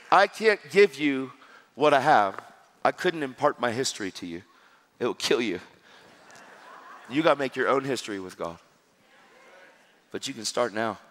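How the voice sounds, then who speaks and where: A man preaching a sermon, telling a story in a lively, joking way and acting out the dialogue. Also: medium pitch, long reverb tail. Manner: animated, jokey, acts out dialogue.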